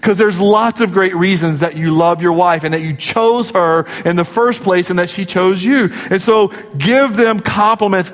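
A male pastor preaching a sermon in a conversational, joking way, acting out quoted voices. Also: on the high side. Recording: long hall reverb.

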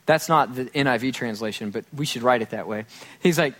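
A man's voice: on the high side, big pitch swings, fairly quick, a bit bright. A man preaching a casual, humorous sermon to a congregation, acting out little quoted scenes as he goes. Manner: casual, joking, acts out quotes. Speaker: pastor. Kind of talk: conversational sermon.

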